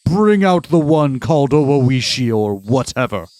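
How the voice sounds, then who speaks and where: A man's voice: medium pitch, very animated, normal speed, darkish tone, no room sound, natural voice. A man voicing an intense, furious elderly male congressman who rants pompously and threatens. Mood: threatening. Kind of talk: reading a game aloud with voices.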